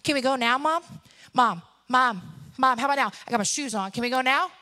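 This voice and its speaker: A woman's voice: high voice, fairly quick, bright, forceful tone. A woman voicing her impatient five-year-old child who nags over and over. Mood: whining. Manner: nagging, repetitive.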